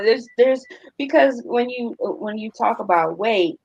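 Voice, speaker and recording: A woman's voice: medium pitch, lively intonation, moderate pace, darkish tone, no echo, dull audio. A woman panelist on a video call giving frank, emphatic advice and acting out quotes.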